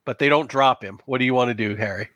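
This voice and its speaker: A man's voice: mid-range voice, fast talker, a bit bright, dry recording. A man narrating as game master of a tabletop game in a loose, casual way with many fillers.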